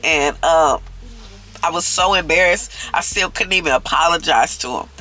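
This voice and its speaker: A man in his thirties tells a confessional story for his vlog, earnest and openly emotional. His voice is sharp and bright, and it sits a little high. He keeps checking in with the listener as he talks. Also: moderate pace, faint music behind, rough recording. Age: 30s. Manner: earnest, emotional, repeats "okay?". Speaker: vlogger.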